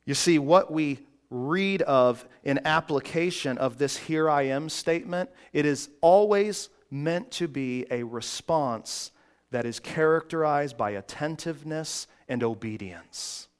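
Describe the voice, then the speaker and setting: Slow, resonant male preacher. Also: a little high, clear, resonant tone. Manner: builds from quiet reflective passages to loud emphatic preaching. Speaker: pastor. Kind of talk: sermon.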